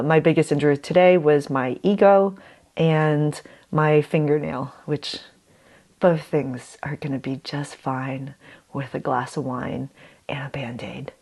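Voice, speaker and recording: Woman vlogging, kinda low voice, animated storyteller, asks herself questions. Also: unhurried. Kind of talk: casual self-talk vlog.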